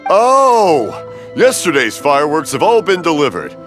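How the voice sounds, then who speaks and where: A jolly older father in a game who is hard of hearing, rambling into stories and mishearing what is said. His voice sits somewhat high and swings lively up and down, with faint music behind. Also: unhurried, exaggerated voice. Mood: cheerful. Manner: rambling, mishears, laughs warmly. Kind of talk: video game dub.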